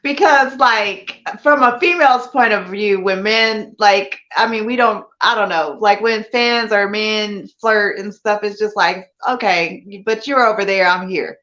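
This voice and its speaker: A woman's voice: mid-range voice, a little slow, few pauses, a bit bright, muffled recording. A woman hosting a casual live interview, laughing often and asking rambling questions.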